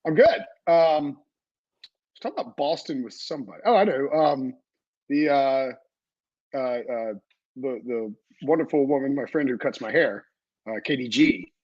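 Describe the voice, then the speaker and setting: A man hosting a podcast in casual chat, rambling and energetic, with lots of fillers and restarts. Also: mid-range voice, measured pace, dull audio. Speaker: podcast host. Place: home setup away from his usual room.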